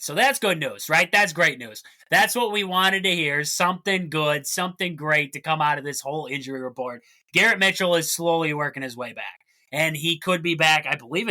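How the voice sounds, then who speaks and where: A man's voice: fairly high pitch, pushed and bright. A man hosting a solo sports podcast, chatty and jokey, with rambling asides. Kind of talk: casual solo sports talk.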